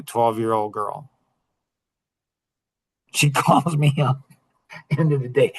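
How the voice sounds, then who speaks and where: A man's voice: mid-range voice, animated, slow, vocal fry, long pauses, a bit bright, husky, no echo, rough recording. A middle-aged man hosting a talk, telling a story to a group and driving his points home by repeating them. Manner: emphatic, repeats key phrases. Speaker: host.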